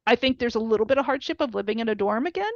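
A woman's voice: fairly high pitch, lively intonation, quick pace, no room sound, muffled recording. A middle-aged woman, a mother, telling a story casually and emotionally, with many fillers and quoted dialogue. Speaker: mother of a college football player.

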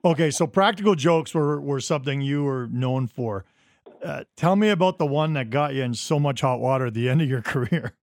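A man's voice: medium pitch, brisk, a little mellow, no room sound. Dry-sounding male podcast host. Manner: laughing reactions, prompting questions. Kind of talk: casual interview.

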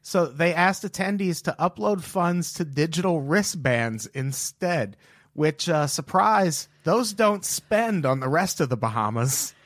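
A man's voice: fairly high pitch, animated, unhurried, no room sound, studio quality. A man co-hosting a podcast in casual comedic chat, dryly amused as he reads news quotes aloud. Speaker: podcast co-host.

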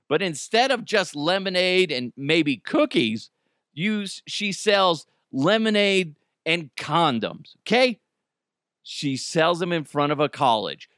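Male podcast host, casual comedic riffing, animated inflection, close dry mic. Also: fairly high pitch, unhurried, no echo. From United States. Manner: jokey, laughs often, slips into goofy voices. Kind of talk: casual comedic news chat.

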